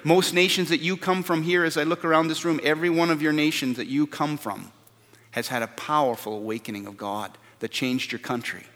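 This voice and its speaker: A man's voice: fairly high pitch, steady tone, fairly quick, a bit bright. A man preaching a sermon as pastor, earnest and repeating words for stress. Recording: long hall reverb.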